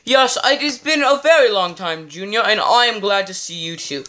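A man's voice: high-pitched, lively intonation, normal speed, sharp tone. A man playing a sophisticated, polite grown man in a fan-made skit, speaking formally and properly. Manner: formal, well-spoken.

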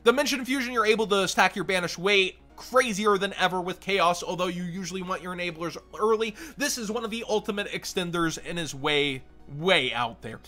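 Bright-voiced man giving blunt verdicts. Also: high voice, faint music behind. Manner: quick blunt verdicts, dismissive. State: losing his voice. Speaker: card game channel host. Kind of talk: casual commentary.

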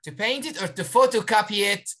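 A woman's voice: medium pitch, a little fast, fairly bright tone. A woman teaching an online spelling lesson on a video call, encouraging her pupils and sounding out syllables.

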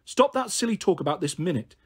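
A man's voice: high voice, very animated, fast, breathy edge, heavily acted. A man voicing an anxious, flustered young girl looking after her siblings in a read-aloud story. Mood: urgent flustered. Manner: urgent, flustered.

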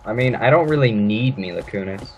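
A man co-hosting a let's play, animated and prone to sudden shouts in casual banter. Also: fairly low pitch, a little fast, muffled recording, soft background music.

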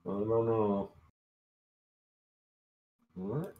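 A man chatting casually as a tabletop game player, thinking out loud and asking questions. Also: on the low side, lively intonation, drawn-out words, highs cut off, slight background noise. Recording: echoey room.

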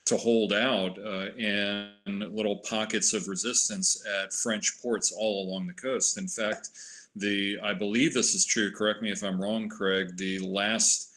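A man speaking as a historian on a panel, explaining in a measured way. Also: lowish voice, steady tone, a bit bright. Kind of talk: panel discussion.

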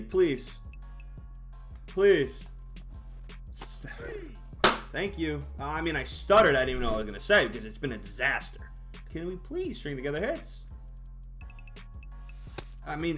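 A man commentating his own baseball video game, excitable and exasperated, shouting at his players. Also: a little high, measured pace, pauses often, faint music behind. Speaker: gaming YouTuber. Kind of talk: live gameplay commentary.

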